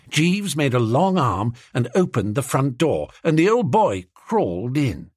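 A man's voice: mid-range voice, a little slow, few pauses, no echo, studio quality. Jaunty male audiobook narrator. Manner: jaunty, animated storytelling. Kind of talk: first-person comic novel reading.

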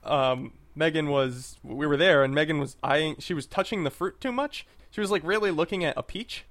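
A man's voice: on the high side, moderate pace, fairly bright tone. A man co-hosting a podcast in casual chat, rambling with hesitations. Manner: rambling, hesitant, lots of fillers and restarts. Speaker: podcast co-host.

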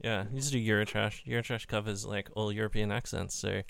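A man's voice: fairly low pitch, steady tone, fairly quick, gravelly, a loud crowd. A man co-hosting a casual hobby chat, rambling with many fillers and swearing. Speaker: podcast co-host.

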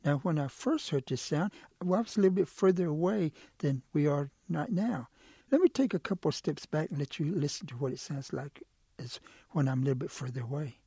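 A man's voice: fairly high pitch, animated, brisk, mellow, breathy edge, dry recording. A man voicing a male quail in a told story, a cunning trickster who is eager and pleading. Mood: coaxing. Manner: coaxing, persuasive.

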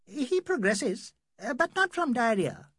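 A man doing a high, fussy old doctor. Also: big pitch swings, unhurried, a bit bright, no echo, clean studio sound, exaggerated voice. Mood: guarded. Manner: flustered, indignant, broken English. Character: fussy, nervous older male doctor.

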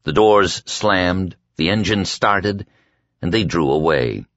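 A very deep male voice reading an audiobook in measured scripted narration, with lively rises and falls. The recording is dry and a bit dull, with no room sound. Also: no room sound. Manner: measured storytelling, quietly voicing dialogue.

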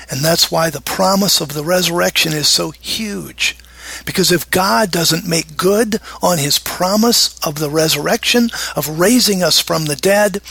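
Middle-aged male Bible teacher, husky, dry close sound, emphatic sermon delivery. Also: high-pitched, sharp tone, no echo. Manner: emphatic, dramatizes prayers in a raised pleading voice.

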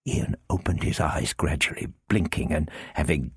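A man narrating an adventure story with steady, tense delivery. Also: extremely low pitch, normal speed, slightly rough, no room sound, studio quality. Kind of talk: audiobook reading of an adventure story.

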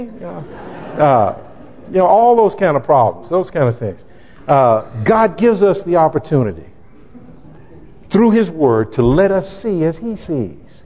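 A man preaching a sermon as pastor, emphatic and sometimes shouting, acting out scripture in character voices. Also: on the high side, sing-song, measured pace. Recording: dull lo-fi recording in echoey hall.

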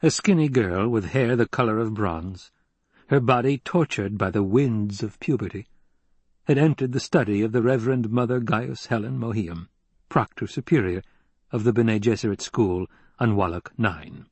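Male audiobook narrator, husky and measured, dry close recording. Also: fairly low pitch, darkish tone, dry recording. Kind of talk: scripted narration.

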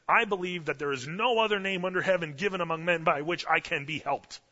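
A man in his thirties from Canada, preaching a sermon as pastor in an animated, casual storytelling way. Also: a little high, breathy edge. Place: church sanctuary. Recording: dull lo-fi audio with long church reverb.

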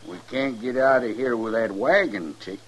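A man's voice: mid-range voice, slight background noise, lightly acted. A man as a sneering, brutal outlaw. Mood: gruff. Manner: slow, sneering, taunting. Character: menacing brutal male outlaw, cold and taunting. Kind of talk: 1950s radio drama acting.

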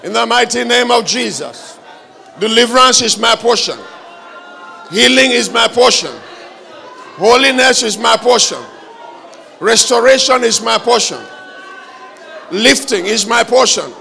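A male preacher delivering a fervent revival sermon, shouting repeated calls for the congregation to pray aloud. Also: very high voice, gravelly. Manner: fervent, repetitive exhortation.

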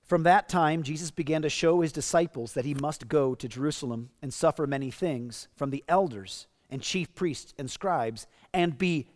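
Man, pastor, sermon, emphatic, slightly high voice, long reverb. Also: a little mellow. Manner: earnest, emphatic preaching with paraphrased quotes.

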